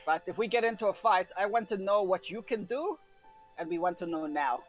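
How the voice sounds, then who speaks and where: A man's voice: high voice, lively intonation, fairly quick, soft background music. Sterling, a man doing a menacing rogue. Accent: put-on foreign accent. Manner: threatening, blunt. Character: blunt, menacing male rogue.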